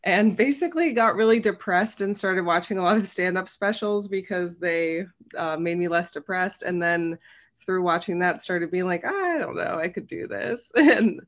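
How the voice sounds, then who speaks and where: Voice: medium pitch, moderate pace, fairly bright tone. A guest from Cincinnati who writes comedy answers interview questions at length. The voice sits in a middle range, and the tone is chatty and self-deprecating, with frequent ums and light laughs. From Cincinnati, United States.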